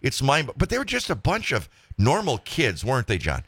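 A male radio talk show host, chatty and animated as he tells stories. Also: medium pitch, moderate pace, dry recording, clean studio sound.

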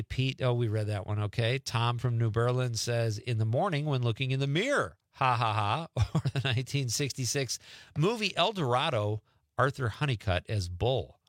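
Lively middle-aged male radio host. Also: on the low side, no echo, studio quality. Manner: lively, jokey, quick reactions. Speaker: radio talk show host. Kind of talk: casual radio chat reading listener texts. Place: radio studio. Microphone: studio microphone.

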